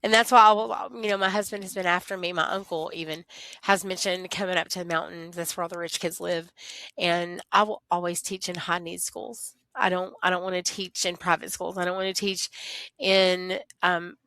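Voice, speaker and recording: Woman teacher, heartfelt and animated, close dry mic. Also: fairly low pitch, moderate pace, no echo. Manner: earnest, animated storytelling, acts out voices of kids. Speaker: teacher, podcast guest. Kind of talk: casual interview chat.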